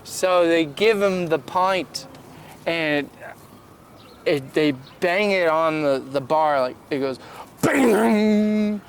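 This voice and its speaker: A man improvising a silly comic story with halting, filler-filled talk, outdoors in a park. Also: fairly high pitch, a little hiss or hum.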